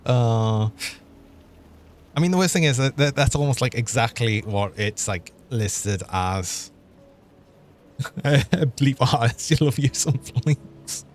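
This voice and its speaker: A man's voice: mid-range voice, animated, slow pace, slight background noise. A young man, chatting and laughing as he streams a game. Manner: chatty, laughs often, thinks aloud. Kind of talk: live gameplay commentary.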